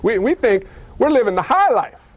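Man, preacher, very high voice, folksy sermon, animated storytelling, dry close sound. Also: moderate pace, dry recording.

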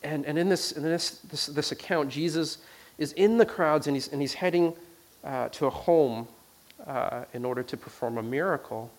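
With a fairly high-pitched voice at a moderate pace and few pauses, a man recounts a personal story in a sermon. His delivery swings from loud to hushed, and he often repeats words and restarts sentences.

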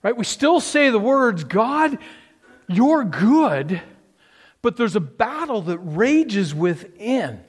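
A man's voice: high voice, very animated, measured pace, hardly any pauses, big-room sound. A man preaching a conversational sermon, asking the listeners rhetorical questions and often restarting his sentences. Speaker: pastor.

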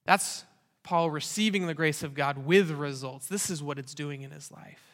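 A man's voice: fairly high pitch, moderate pace, a bit bright. A man preaching a sermon as pastor, in an earnest, conversational way with rhetorical questions. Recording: long reverb of a large hall.

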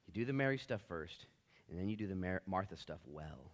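A man preaching a sermon in a church, animated and joking, acting out short voices. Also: deep voice, a little fast. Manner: animated, jokey, acts out voices in bursts. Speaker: pastor.

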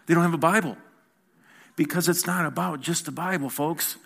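A man's voice: fairly high pitch, normal speed, vocal fry, a bit bright. A man preaching a sermon as pastor, talking conversationally, asking the congregation questions and repeating words as he goes. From United States.

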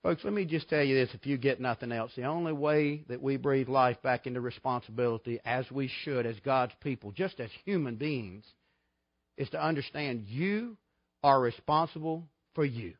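A man's voice: medium pitch, moderate pace, dry recording, highs cut off. A man preaching a sermon, telling folksy stories with emphatic bursts. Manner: folksy, emphatic storytelling with sudden loud outbursts.

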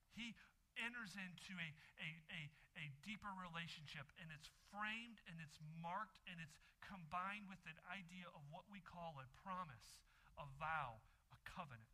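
A man preaching a sermon as a pastor, emphatic, repeating phrases with dramatic pauses. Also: high voice, bright, forceful tone, rough recording.

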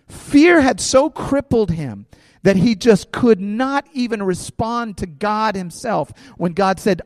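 A man with a fairly high voice preaches with conviction, asking his listeners questions as he goes. His words ring out with a long reverb, as if in a large hall, though the voice itself stays close to the mic. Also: animated, takes it slowly. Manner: impassioned preaching with rhetorical questions. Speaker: pastor. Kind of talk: sermon.

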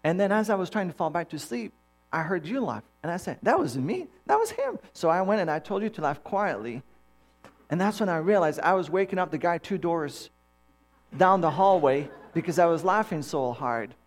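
A man preaching a sermon, telling personal stories in an animated way and acting out the dialogue. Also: on the high side, normal speed. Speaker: pastor.

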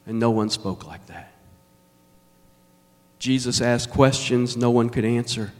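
A man delivers a sermon at a slow, deliberate pace, leaning on each phrase with emphatic pauses. His voice sits in a middle register and rings with the long reverb of a large church hall. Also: mid-range voice. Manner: measured, emphatic preaching with dramatic pauses. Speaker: pastor.

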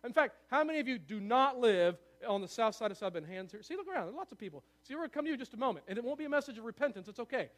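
A high-voiced pastor rushes through his sermon in the sanctuary, clearly worked up. He talks quickly and keeps turning to the room to ask whether they agree.

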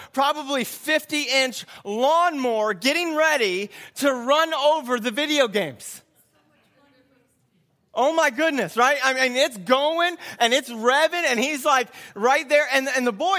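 A man's voice: extremely high pitch, sharp tone. A man preaching a sermon, telling a story in an earnest, reflective way and often repeating his words.

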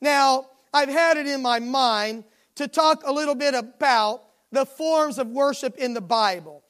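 A woman preacher delivers a sermon in a high voice, taking her time over each phrase. She is emphatic and circles back to repeated refrains. The setting is a midweek church service. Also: a little slow, a bit bright.

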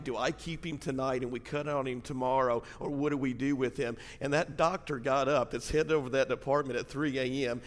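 A middle-aged man preaching a sermon as pastor, in pain from a back injury, swinging between hushed storytelling and loud, fervent preaching in a church. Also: medium pitch. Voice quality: gravelly. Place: church sanctuary. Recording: long hall reverb.

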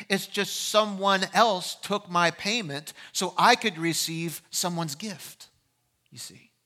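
Bright-voiced male preacher. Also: fairly high pitch. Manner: animated storytelling, acting out voices in a courtroom scene. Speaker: pastor. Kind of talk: sermon.

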